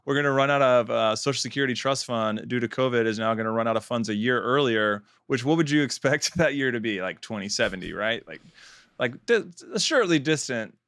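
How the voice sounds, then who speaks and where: A man's voice: mid-range voice, lively intonation, fairly quick, fairly bright tone, no echo, clean studio sound. A man co-hosting a casual podcast chat, joking and sarcastic, laughing often. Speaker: podcast co-host.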